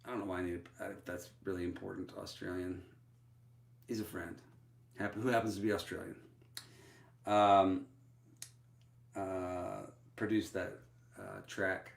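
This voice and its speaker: A man's voice: sits low, lively intonation, measured pace, creaky, pauses often, roomy sound. A man with a Texan accent, a musician hosting his own livestream, talking loosely with many fillers and restarts. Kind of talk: casual livestream chat.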